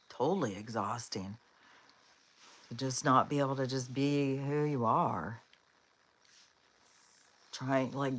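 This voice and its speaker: Woman, very low voice, rambling live-stream chat, casual, coaxes her dogs. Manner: chatty and rambling, with frequent fillers and laughs; talks to her dogs in a coaxing voice.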